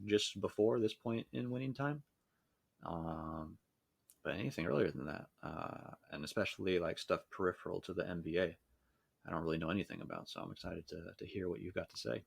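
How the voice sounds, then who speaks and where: A man co-hosting a podcast in casual chat, speaking in a measured, hesitant way with many fillers. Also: deep voice, vocal fry, dry recording. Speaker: podcast co-host.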